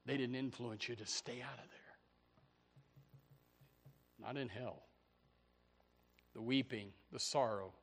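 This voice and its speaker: A man preaching a fiery sermon, swinging from loud shouts to hushed low passages, often stammering and repeating words. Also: slow, pauses often. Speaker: pastor.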